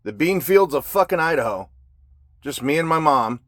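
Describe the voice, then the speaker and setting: A man's voice: on the high side, animated, moderate pace, fairly bright tone, dry recording, studio quality. A man telling his life story in a raw, blunt monologue, swearing constantly. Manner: heavy profanity, blunt and agitated.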